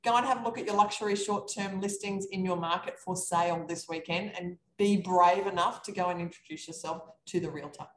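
A woman coaching real estate investors, talking in a lively, animated way on a live podcast chat over a video call. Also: lowish voice, fairly quick, hardly any pauses. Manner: energetic, animated storytelling. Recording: echoey room with faint background noise.

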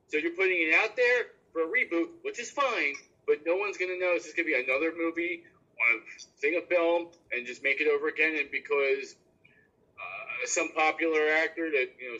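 Bright, husky-voiced man chatting casually. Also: fairly high pitch, dull audio. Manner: enthusiastic, repeats himself, swears casually. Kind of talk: casual chat.

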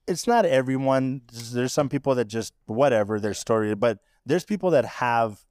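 Male podcast co-host, mid pitch, dry close sound, swears a lot, emphatic and emotional. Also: lively intonation, normal speed, a little mellow, dry recording. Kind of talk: casual chat.

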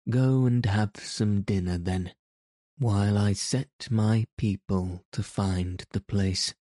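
A man's voice: lowish voice, steady tone, dark tone, dry recording, studio quality. A man reading the part of an irritable, blustering old king in an audiobook. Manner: blustering, quick-tempered.

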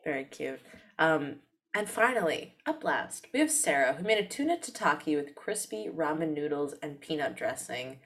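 A woman co-hosting a casual podcast chat. Her voice is fairly low, yet it swings widely in pitch. She talks in an animated way and laughs often. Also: moderate pace. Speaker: podcast co-host.

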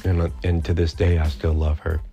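Man, middle-aged, very low voice, mellow tone, rambling personal story, soft music behind. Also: little pitch movement, moderate pace. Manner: rambling, reflective, many fillers and restarts. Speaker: podcast host.

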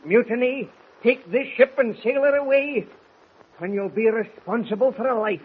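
A man's voice: very high-pitched, moderate pace, husky. An actor playing an older, stubborn Scottish sailor loyal to his captain, pleading earnestly in a 1940s radio drama, on a lo-fi old transcription with hiss.

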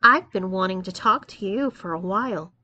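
A woman's voice: medium pitch, lively intonation, moderate pace, pushed and bright, dull audio. A woman voicing a bold, domineering young female college student who talks in a confident, taunting, commanding way.

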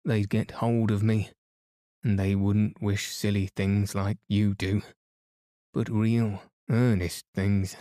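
A man's voice: lowish voice, level tone, takes it slowly, mellow, no room sound, studio quality. A man voicing a grumpy, tired old sand fairy in a storybook, fretful and complaining.

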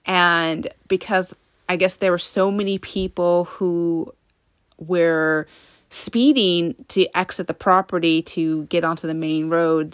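A woman's voice: fairly low pitch, dry recording, clean studio sound. A woman hosting a self-help podcast, speaking earnestly and directly to her listeners in a casual monologue. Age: adult. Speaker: podcast host.

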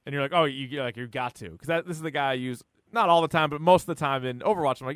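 A man hosting a podcast, chatting loosely and joking at his own expense. His voice sits a little high and the sound is dry and close. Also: brisk, a bit bright, clean tone, dry recording. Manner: self-deprecating, rambling. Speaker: podcast host. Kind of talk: casual podcast chat.

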